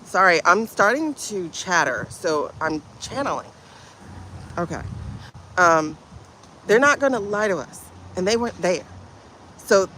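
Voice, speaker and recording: A woman hosting a spiritual livestream, talking in an emotional, halting way and often repeating herself. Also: medium pitch, a bit bright, a little hiss or hum. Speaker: livestream host, intuitive reader. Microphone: phone livestream.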